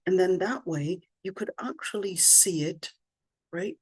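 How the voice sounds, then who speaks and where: A middle-aged woman teaching an online scripture lesson, thinking aloud as she works her screen and slowing down to stress her questions. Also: lowish voice, a little mellow, slightly rough. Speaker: religious teacher.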